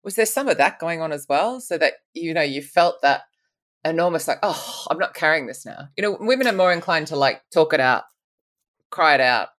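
A woman hosts this conversation in a fairly low voice. She backs her guest up with short affirmations and draws him out with questions. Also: lively intonation, brisk. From Australia. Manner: warmly affirming, prompting with questions. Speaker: podcast host. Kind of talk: conversational interview.

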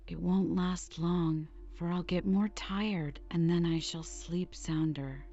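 A woman reading aloud as a motherless teenage boy caught sleepwalking, speaking low and whispery. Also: steady tone, takes it slowly, warm tone, muffled recording. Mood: confiding.

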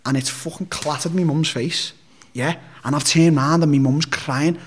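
A man's voice: fairly high pitch, steady tone, moderate pace, breathy edge. A man with a Liverpool accent, telling a personal story as an interview guest in a blunt, sweary, rambling way. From Liverpool, England. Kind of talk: casual storytelling.

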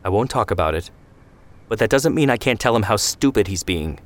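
A blunt, scornful young sister in a spoken story, as a man reads her lines. Her voice sits fairly low for the part, and every line is cutting. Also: expressive, fairly quick, close to an everyday voice.

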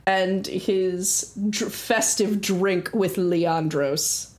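A woman's voice: on the low side, extremely slow, darkish tone. Chatty woman game master. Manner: chatty, descriptive, with fillers and restarts. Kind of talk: narrating a tabletop game.

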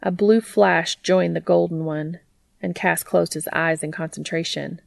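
A woman reading fiction aloud as a narrator, in a steady, even way. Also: on the low side, a little slow, vocal fry, no room sound. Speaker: audiobook reader.

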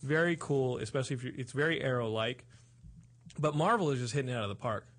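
Gravelly, excitable man hosting a podcast. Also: medium pitch, fast talker. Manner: rambling, excitable and confessional. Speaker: podcast host. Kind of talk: casual podcast chat.

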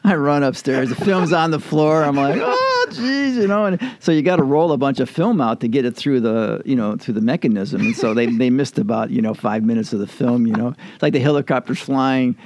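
A man's voice: mid-range voice, fairly quick, hardly any pauses, a little mellow. Older man reminiscing with chuckles. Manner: rambling, chuckling, many fillers and restarts. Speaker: interviewee. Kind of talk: casual storytelling reminiscence.

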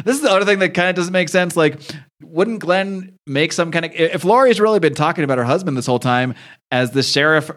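A man's voice: fairly high pitch, brisk, fairly bright tone. A man hosting a podcast, recapping a comic in a rambling, joking, casual way. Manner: rambling, laughing, swears casually. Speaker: podcast host.

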